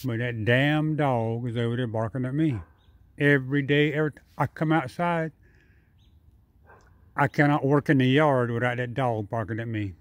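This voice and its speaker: A man coaxes squirrels to eat while shooting an easygoing vlog outdoors in his own yard with his phone camera. He talks at a normal speed with fairly even intonation, going higher when calling the animals, and the recording sounds dry.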